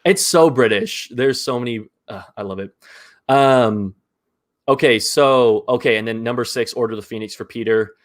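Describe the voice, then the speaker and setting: A man hosting a live movie ranking show in casual chat, enthusiastic and quick to laugh, with lots of fillers. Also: mid-range voice.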